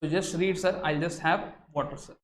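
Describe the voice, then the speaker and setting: A man's voice: a little high, normal speed. An Indian English-accented man teaches law to exam candidates, leaning on "sir" and switching his tone to make points. His voice echoes in a roomy space. Faint noise runs underneath. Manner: animated teacher, sprinkles "sir" and Hindi asides, shifts tone for emphasis. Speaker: law lecturer. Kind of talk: recorded exam-prep lecture.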